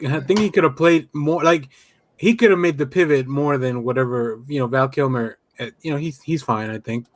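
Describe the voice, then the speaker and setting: A man's voice: mid-range voice, moderate pace, no echo. A man in a casual podcast discussion, laid-back and easygoing.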